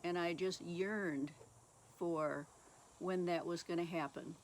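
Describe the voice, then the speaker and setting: A woman author giving an earnest, measured Christian testimony and reading passages aloud from her own book. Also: fairly low pitch, steady tone, slight background noise.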